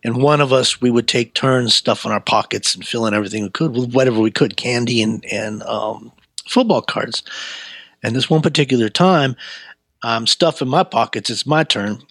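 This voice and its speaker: A man, an interview guest, telling a personal story in a casual, laid-back, animated way. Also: medium pitch, moderate pace, no echo.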